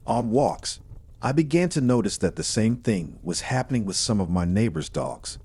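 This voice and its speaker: A man reading a first-person horror story in a steady, measured storytelling manner. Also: on the low side, slightly rough.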